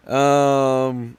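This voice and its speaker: A man chats loosely to his livestream audience from home. His voice is stuffy and short of breath, and he rambles through fillers and restarts at an ordinary, middling pitch. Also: clear, resonant tone. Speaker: livestream host. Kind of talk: casual livestream chat.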